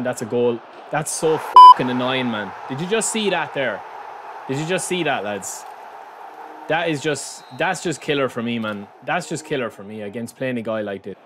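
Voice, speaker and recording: A man with an excitable manner, commentating live on his own football video game and talking straight to his viewers. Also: medium pitch, moderate pace, background noise. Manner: excitable, shouts and groans at the play, addresses viewers as lads. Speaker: gaming channel host.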